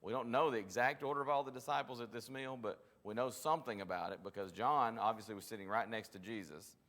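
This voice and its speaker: In a church classroom with a long reverb tail, a man leads a Bible study in a medium-pitched, fairly bright voice at a quick pace. He teaches conversationally, often restarting sentences and acting out quotes.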